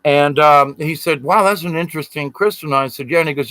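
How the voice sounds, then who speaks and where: A man's voice: fairly high pitch, quick pace, hardly any pauses, bright, forceful tone, no echo, poor audio. A middle-aged man, telling a personal story in an earnest, rambling way. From Southern United States. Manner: rambling, earnest, acts out quoted voices. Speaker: spiritual storyteller. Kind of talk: casual storytelling.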